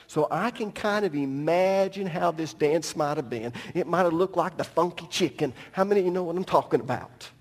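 A man preaching a sermon as pastor, telling a story with animated delivery and joking asides. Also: on the high side, a little fast, few pauses, long reverb tail.

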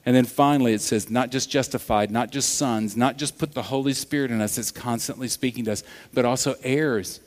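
A man's voice: mid-range voice, fairly quick, few pauses. Preaching man in a reverberant hall. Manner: animated storytelling, swinging from loud to hushed. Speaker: pastor. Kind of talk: sermon. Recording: long reverb of a large hall.

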